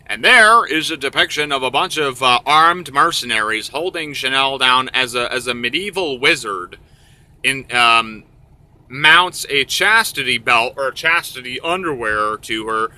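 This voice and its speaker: A man's voice: medium pitch, animated, a little slow, bright, forceful tone. Crude, rambling male storyteller.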